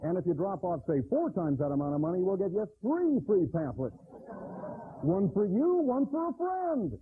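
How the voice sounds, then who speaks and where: A man playing a sleazy con-man doctor selling pamphlets in a comedy infomercial, with an oily sales pitch. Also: big pitch swings, normal speed. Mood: salesy. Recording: lo-fi broadcast audio, faint hiss.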